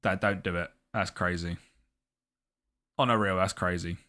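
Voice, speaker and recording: A man streaming a football management game, commentating live and chatting with his viewers. He gets excitable and yells at the match. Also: sits low, moderate pace.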